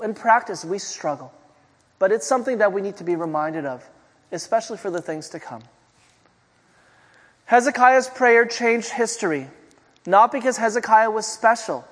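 High-voiced preacher in a reverberant hall. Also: male voice. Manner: conversational preaching with rhetorical questions. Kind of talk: sermon.

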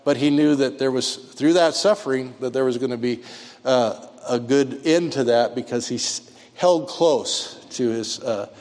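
A man's voice: medium pitch, darkish tone. Man preaching in a reverberant church. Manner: halting, with many fillers. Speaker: pastor. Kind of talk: leading a church sermon.

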